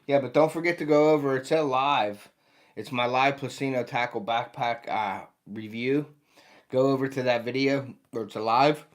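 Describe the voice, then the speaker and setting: An American man in his fifties talks through a casual livestream, greeting viewers one by one in a loose, friendly way. He sounds tired and yawns between remarks. His voice sits at an ordinary middle pitch. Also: normal speed. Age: 50s. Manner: chatty, greets viewers by name. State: tired, yawning. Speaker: outdoor channel host.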